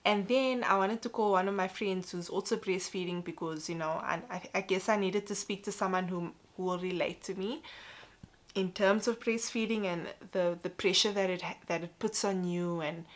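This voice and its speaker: A woman's voice: lowish voice, fairly even intonation, normal speed. A young woman talking candidly to camera in a casual personal vlog, chatty and full of "like" and "you know". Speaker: vlogger.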